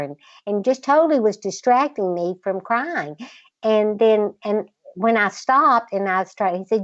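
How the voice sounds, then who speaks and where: An older woman with a Southern accent, a guest in a relaxed interview, talking in a slow, patient drawl with a slightly girlish voice. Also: mid-range voice, dry recording, muffled recording. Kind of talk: casual interview chat.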